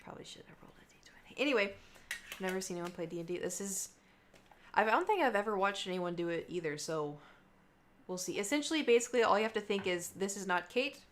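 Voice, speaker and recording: A woman's voice: mid-range voice, lively intonation, fast talker. A young adult woman livestreaming, chatting casually and rambling between topics with her viewers. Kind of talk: casual chat to stream viewers.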